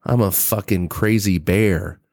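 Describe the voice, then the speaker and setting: A man putting on a foul-mouthed bear that brags about its own craziness, with a low voice. It sounds dry and close, with no room around it. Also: measured pace, darkish tone, no echo. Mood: swaggering. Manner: swaggering, profane. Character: crude boastful male bear, unhinged.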